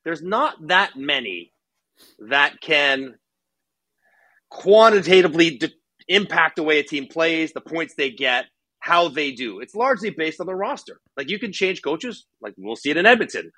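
A man's voice: on the high side, lively intonation, moderate pace, sharp tone, no room sound. A man who used to play professionally, talking hockey candidly and casually on a podcast, thinking aloud with a few fillers. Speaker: hockey analyst, former player. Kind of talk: casual sports podcast chat.

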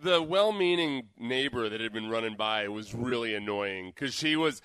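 A man's voice: mid-range voice, lively intonation, normal speed, a bit bright, smooth, no echo. A man co-hosting a radio show, with wry, opinionated remarks and a mid-range voice. His speech is casual and conversational. The recording is close and dry with no room sound. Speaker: radio co-host.

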